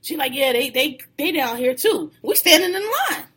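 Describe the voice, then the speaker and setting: A woman tells a story in a loose, casual chat. Her voice sits high and swings wide, and she acts out every quoted line with a laugh close behind. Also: very animated, moderate pace, fairly bright tone.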